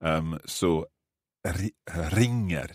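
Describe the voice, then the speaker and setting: A Scottish man hosting a podcast language lesson, repeating phrases slowly and carefully and laughing easily. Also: deep voice, darkish tone, dry recording, clean studio sound. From Scotland. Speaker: podcast host and language learner.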